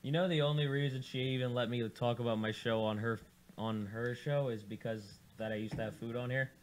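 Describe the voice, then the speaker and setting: A man runs a loose, profane studio chat and needles his guests as they talk. His voice sits at an ordinary middle pitch and his delivery is animated. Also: fairly quick, a little hiss or hum. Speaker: radio show host. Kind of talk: casual studio banter. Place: radio studio.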